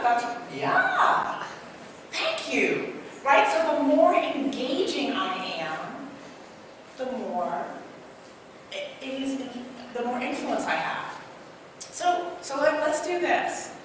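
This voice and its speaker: A woman from Trinidad giving an interactive workshop talk, animated and quizzing her audience. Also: high-pitched, a little slow. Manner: animated, asks the audience many questions. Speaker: speaker and trainer. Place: large hall. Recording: echoey hall from far off, noisy.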